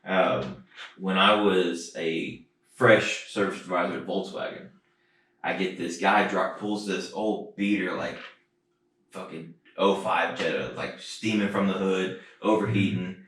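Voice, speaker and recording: A man telling a work story in casual, profane, animated chat on a podcast. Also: low-pitched, unhurried, a little hiss or hum. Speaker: podcast co-host. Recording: roomy echo, distant mic.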